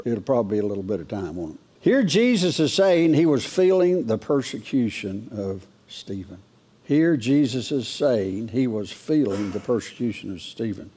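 A man's voice: warm tone, husky. A man preaching a folksy verse-by-verse sermon, lifting his voice to read scripture aloud and asking his listeners questions along the way. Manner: folksy, rises in pitch when reading scripture aloud; asks the congregation questions.

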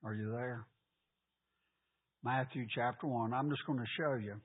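Husky teacher, questioning, repetitive, phone-quality audio. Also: male voice, medium pitch, measured pace. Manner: asks the class questions, repeats key points. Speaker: Bible teacher. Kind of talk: Bible class teaching.

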